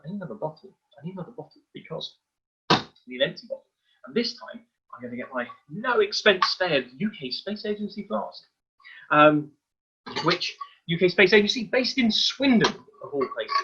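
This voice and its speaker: A man presenting a live online science demonstration for children, explaining each step in a lively, hands-on way. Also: high-pitched, husky, muffled recording.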